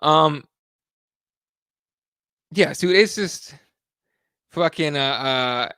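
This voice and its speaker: A man's voice: fairly high pitch, very slow, pushed and bright, smooth, dry recording, clean studio sound. A man hosting a live talk show, rambling and swearing a lot in a heated, casual chat. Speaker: host.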